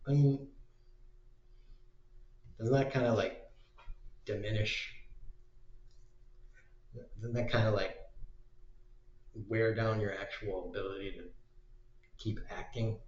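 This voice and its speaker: A man's voice: fairly low pitch, steady tone, takes it slowly, long pauses. A man talking in a casual, meandering monologue, swearing freely as he goes. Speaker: vlogger. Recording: roomy, dull lo-fi recording.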